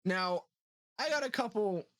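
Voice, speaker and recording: Man, podcast co-host, casual comedic chat, swears a lot, higher voice. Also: expressive, a little slow, fairly bright tone, slight background noise. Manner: swears freely, retells chats with exasperated disbelief.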